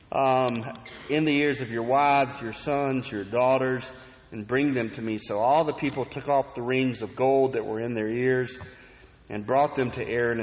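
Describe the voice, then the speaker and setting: A man preaching a sermon in an earnest, storytelling way, pushing some words up hard and letting others drop to a soft aside. His voice sits at an ordinary middle pitch. It carries a long reverb, as in a church sanctuary. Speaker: pastor.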